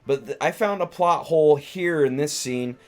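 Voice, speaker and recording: A man's voice: on the high side, normal speed. A man casually retelling a film's scenes on a live stream, meandering and restarting his sentences often. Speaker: streamer and comedian reviewing a film.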